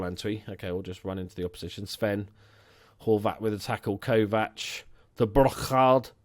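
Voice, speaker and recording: A young man hosting a football management let's play, chatting casually and swearing freely, with excitable bursts over the game. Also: lowish voice. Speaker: gaming channel host.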